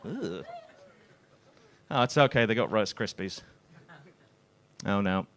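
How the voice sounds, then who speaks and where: A man doing a stand-up comedy routine on a club stage, telling deadpan self-deprecating stories full of swearing. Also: mid-range voice, takes it slowly, gravelly, long pauses.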